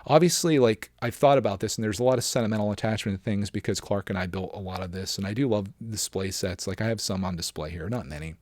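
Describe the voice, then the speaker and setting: A man's voice: on the low side, fast talker, hardly any pauses, a little mellow, no echo, studio quality. A man in his thirties hosting a casual solo podcast, chatting in an upbeat, encouraging, rambling way. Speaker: podcast host.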